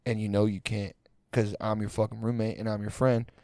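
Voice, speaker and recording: A man voicing a stoned, lazy young roommate who refuses to move, in a low, mumbling, unbothered way. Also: lively intonation, moderate pace, no echo, clean studio sound, lightly acted. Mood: stubborn.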